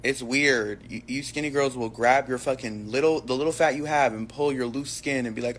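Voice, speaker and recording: A man's voice: medium pitch, brisk, hardly any pauses, a bit bright, a little hiss or hum. A man giving a sassy, slangy monologue to camera, brash and full of profanity. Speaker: social media commentator.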